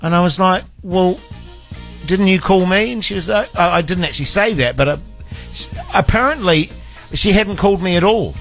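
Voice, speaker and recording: A New man in his forties hosts a radio show, spinning chatty stories with exasperated asides. His voice sits high for a man. Faint music runs underneath. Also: expressive, a little fast, vocal fry, fairly bright tone. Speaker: radio host. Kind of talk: casual radio banter.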